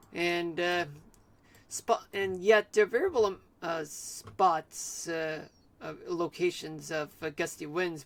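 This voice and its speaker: A man streaming live, giving an amateur weather forecast in a halting way with many fillers and restarts. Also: high-pitched, fairly bright tone.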